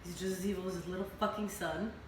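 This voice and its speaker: A tipsy woman in her twenties, hosting and retelling a story in a casual, animated, heavily profane way. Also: lowish voice, quick pace. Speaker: host. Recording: echoey room with faint noise.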